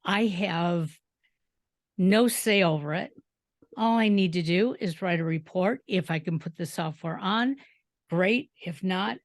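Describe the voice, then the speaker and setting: A woman's voice: lowish voice, measured pace, no echo. A woman hosting a podcast interview, telling stories from her own work and acting out the dialogue as she goes. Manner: storytelling, acts out dialogue. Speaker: podcast host. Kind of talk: casual interview chat.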